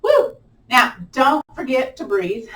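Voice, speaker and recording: A woman's voice: medium pitch, moderate pace, far from the mic. A woman with a lilt talks a chair yoga class through each move, chatty and encouraging, and lets out a playful whoop while they hold a pose. She sounds a little way off from a camera mic in a roomy space with a noticeable echo. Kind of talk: live online exercise class instruction.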